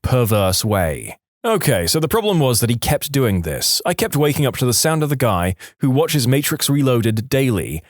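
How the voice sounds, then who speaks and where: A man's voice: medium pitch, dry recording. A man narrating online stories aloud with a dry, wry delivery on a close microphone. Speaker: story narrator.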